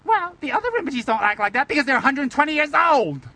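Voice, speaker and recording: High, bright-voiced playful Buddhist teacher. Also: male voice, sing-song, quick pace, no room sound, rough recording. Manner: playful, teasing, rhetorical questions. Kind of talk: Dharma talk.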